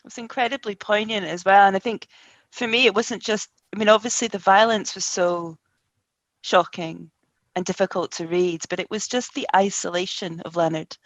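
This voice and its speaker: A woman's voice: medium pitch, steady tone, moderate pace, no echo. A woman moderating a conversation with authors, speaking reflectively and offering short replies as she listens. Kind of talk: event conversation.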